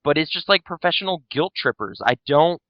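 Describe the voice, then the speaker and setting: A man's voice: on the high side, animated, a little fast, no echo. A man co-hosting a podcast in casual chat, rambling and grumbling, with a mock-grouchy edge. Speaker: podcast co-host. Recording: slightly dull dry sound.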